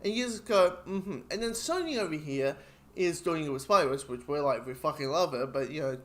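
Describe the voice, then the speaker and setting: Rambling, excitable male reviewer. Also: a little fast. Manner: rambling, swearing, acts out quotes with sudden jumps in pitch. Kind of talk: casual spoken review.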